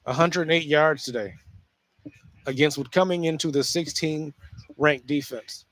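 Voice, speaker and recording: A man hosting a casual solo sports talk show, speaking in an animated way with frequent restarts and repeated phrases. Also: fairly high pitch, normal speed.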